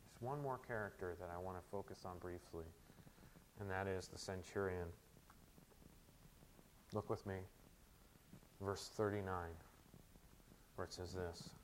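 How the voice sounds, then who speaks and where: A man preaching a sermon, moving between quiet, close teaching and loud, emphatic proclamation. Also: deep voice, steady tone, measured pace, pauses often, slight background noise. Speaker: pastor.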